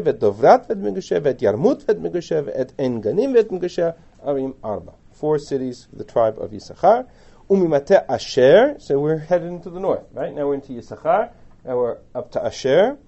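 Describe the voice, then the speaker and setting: A man's voice: medium pitch, mellow, highs cut off. A man teaching a text lesson, reading verses aloud and translating them line by line, with chatty asides and questions to the class. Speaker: Torah teacher. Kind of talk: lecture on a biblical text.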